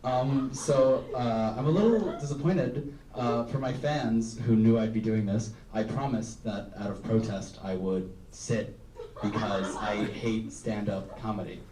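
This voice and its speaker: In a comedy room full of people, a young adult student does a rambling stand-up set, running himself down and leaning on "um" and "like." His voice sits fairly low and his pace is measured. The live recording is roomy and distant, and the background is noisy.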